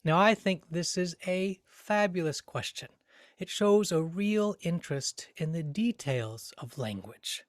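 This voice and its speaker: A man teaching a grammar lesson, speaking carefully and deliberately, sounding out words to show their rhythm. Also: on the high side, no echo, clean studio sound. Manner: slow, careful, deliberate delivery with spoken rhythm examples.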